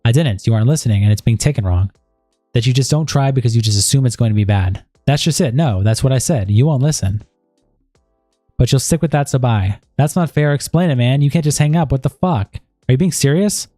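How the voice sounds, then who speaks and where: A man's voice: mid-range voice, lively intonation, brisk, dark tone, no room sound, clean studio sound, soft background music. A man on a stream, reading a chat log aloud and breaking in with asides of disbelief.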